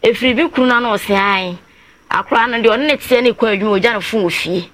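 A woman's voice: a little high, fast talker, fairly bright tone. A woman from Ghana, a guest on a talk show telling a long personal account and acting out other people's words in quotes. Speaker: guest telling her story.

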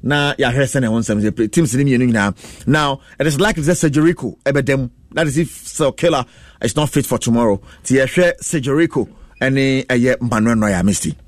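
A Ghanaian man hosts a sports talk show on the radio. He talks in a lively, chatty way, reads listener texts aloud and laughs often. His voice sits mid-range, recorded close and dry in the studio. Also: mid-range voice, normal speed, no echo. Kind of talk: radio sports talk, switching between Twi and English.

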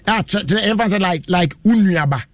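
High-voiced Ghanaian radio host. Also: male voice, expressive, a little fast. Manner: sing-song, playful delivery with frequent laughs. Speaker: radio show host reading listener comments and taking calls. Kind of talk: lively call-in radio chat, mixing languages. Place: radio studio. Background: loud hip hop music.

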